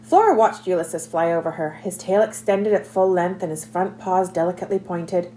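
A woman narrating a children's novel aloud in an expressive, scripted reading. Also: lowish voice, normal speed, slight background noise. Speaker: audiobook narrator.

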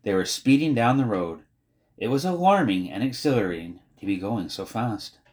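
Wry male storybook narrator, low voice with a lively, animated pitch. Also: moderate pace. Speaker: audiobook narrator.

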